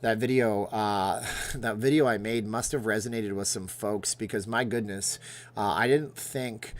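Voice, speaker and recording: A man's voice: lowish voice, fairly even intonation, unhurried. A man hosting a casual livestream. He rambles between topics and reads viewers' names and comments aloud. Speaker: host.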